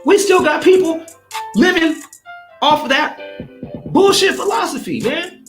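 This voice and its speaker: A man's voice: very high-pitched, very animated, a little slow, pauses often, a bit bright. A man delivering a heated religious rant, profane and combative, mocking the people he argues against. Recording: echoey room with faint music.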